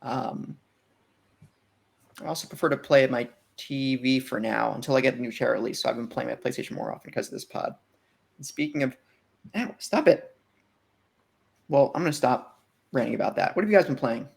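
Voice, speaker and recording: A man's voice: mid-range voice, fairly quick, gravelly, pauses often, breathy edge. A man co-hosting a podcast, chatting casually in a rambling way that often trails off mid-sentence. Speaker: podcast co-host. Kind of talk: casual chat.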